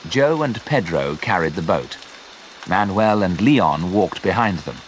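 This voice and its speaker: A man with a British accent reading a graded story aloud for English learners, clear and deliberate. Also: low voice, lively intonation, a little hiss or hum. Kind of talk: slow graded-reader narration.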